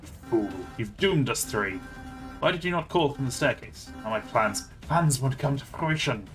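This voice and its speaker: A man's voice: medium pitch, expressive, moderate pace, a bit bright, soft background music, voice pushed up, close to an everyday voice. A man voicing a scornful, scheming armed man who scolds others as he reads a game's story. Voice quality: scolding, contemptuous.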